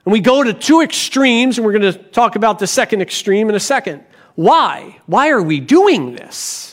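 A man preaching a sermon as pastor, deliberate, with bursts of animated storytelling. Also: high-pitched.

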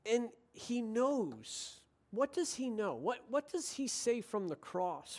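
A man preaching a sermon with passion, moving from quiet, reflective passages into excited, emphatic ones. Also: very high-pitched, takes it slowly, hardly any pauses.

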